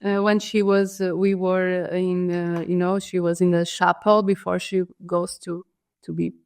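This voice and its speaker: A Portuguese-accented woman, a guest artist whose first language is Portuguese, tells a personal story in an interview, pausing often, restarting and searching for English words. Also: fairly low pitch, flat delivery, a little mellow, clear, resonant tone. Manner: hesitant, many fillers and restarts, searching for words.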